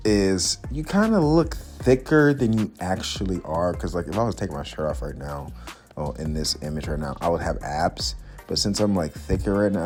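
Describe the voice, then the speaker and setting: A man's voice: low-pitched, darkish tone. A young man chatting casually and cursing freely while working out in a gym, upbeat and talkative. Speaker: fitness vlogger. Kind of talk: casual workout vlog talk.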